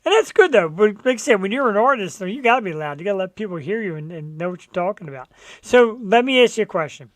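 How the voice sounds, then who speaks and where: A man hosting a casual talk show, joking and chatting in a loud, laid-back way. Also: high voice, expressive, fast talker, dry recording. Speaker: host.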